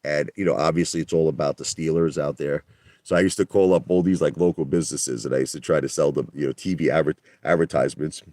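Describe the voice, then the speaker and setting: A middle-aged man rambles chattily to his livestream viewers, calling out their names as he goes. His voice sits very low, and the sound is dry and close, picked up by a phone inside his car. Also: fairly even intonation, fast, a little mellow, no echo. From Brooklyn, New York. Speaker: livestream host. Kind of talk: casual livestream chat.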